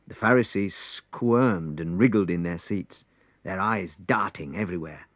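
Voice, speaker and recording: A man reading a storybook aloud, in an expressive, unhurried way. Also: deep voice, dry recording. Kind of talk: storybook narration.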